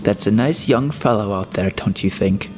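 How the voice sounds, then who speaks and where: A man's voice: fairly low pitch, moderate pace, a little mellow, faint music behind, close to an everyday voice. A man voicing a menacing, mocking middle-aged schemer in a storybook reading, familiar and cajoling.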